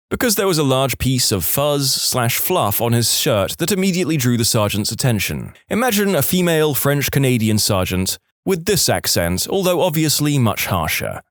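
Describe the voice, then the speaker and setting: A man reading online stories aloud in an animated storytelling way, recorded close on a studio mic. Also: medium pitch, normal speed, few pauses, dry recording. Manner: animated storytelling, switching into voices. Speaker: narrator.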